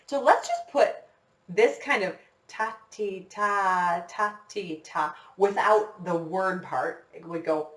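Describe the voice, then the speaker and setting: A woman's voice: mid-range voice, slow. Woman music teacher, recorder lesson for kids, patient, encouraging, echoey classroom, distant mic. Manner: patient, encouraging, counts students in. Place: classroom with a whiteboard.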